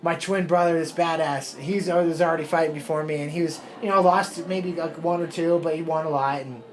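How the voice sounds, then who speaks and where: A man's voice: a little high, fairly even intonation, brisk. A fighter in his thirties, talking in a rambling, emotional, profane way in a casual podcast interview. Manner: rambling, emotional, swears a lot. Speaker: fighter guest.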